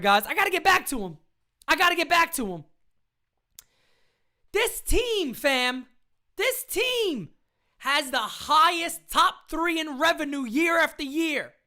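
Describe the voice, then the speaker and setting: A woman hosting a fan live stream, ranting in a fiery, profane way, often shouting and repeating lines for emphasis. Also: high voice. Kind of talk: heated live-stream rant.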